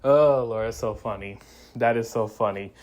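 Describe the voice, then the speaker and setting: A man's voice: on the low side, moderate pace, a little mellow. A man giving a casual spoiler review of a movie, rambling through the plot with frequent restarts and acting out quoted lines. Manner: laughs and acts out quoted lines.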